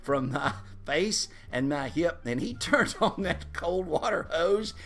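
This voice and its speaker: A man tells a funny personal story in a casual, animated way, chuckling as he goes. His voice is bright and forceful, and his pitch swings widely. The telling is loose and conversational. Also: takes it slowly.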